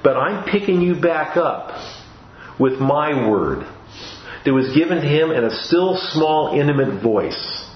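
A man's voice: on the high side, animated, a little slow, slight background noise. A man preaching a sermon in a church, earnest and given to restarts and repeated words. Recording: roomy, dull-sounding recording.

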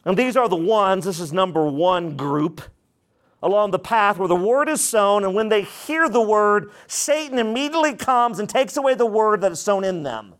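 A man with a high-pitched voice preaches a sermon. His delivery is emphatic and dramatic, and he acts out the voices of the people he quotes. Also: lively intonation, normal speed. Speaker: pastor.

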